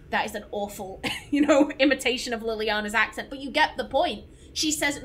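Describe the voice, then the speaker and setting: A woman's voice: a little high, a little fast, few pauses, fairly bright tone, a little hiss or hum, low-quality recording. A woman streamer giving casual let's-play commentary, rambling and emphatic with many restarts. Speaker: gaming streamer.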